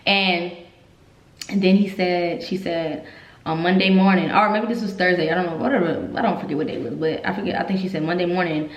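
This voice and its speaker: Fast-talking woman, just telling it straight, kinda emotional, echoey room. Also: fairly low pitch, fairly even intonation. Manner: emotional, candid, repeats herself when upset. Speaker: vlogger telling her army story. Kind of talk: casual storytelling vlog.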